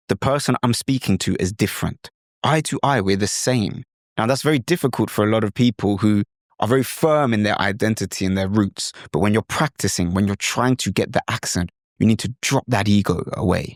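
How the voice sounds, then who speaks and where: A man's voice: lowish voice, dry recording, studio quality. British man coaching accents. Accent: British English. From England. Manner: earnest, demonstrates voices. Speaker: podcast host.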